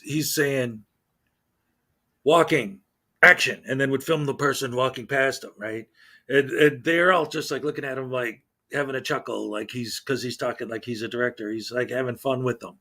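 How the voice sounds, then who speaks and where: A man's voice: mid-range voice, fairly bright tone. A man hosting a casual livestream, chatting with viewers in a rambling way, full of fillers and restarts. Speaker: livestream host.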